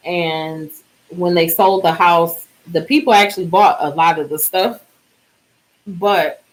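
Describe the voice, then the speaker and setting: Tired lady vlogger rambling along, lowish voice, keeps trailing off. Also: rough recording. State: exhausted, yawning. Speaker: DIY vlogger. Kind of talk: casual chat.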